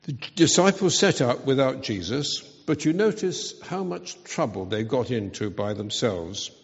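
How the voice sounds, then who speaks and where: A man preaching a sermon at a slow, deliberate pace. His delivery is earnest and emphatic. The sound is dull and rings with a long hall reverb. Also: medium pitch, lively intonation, creaky.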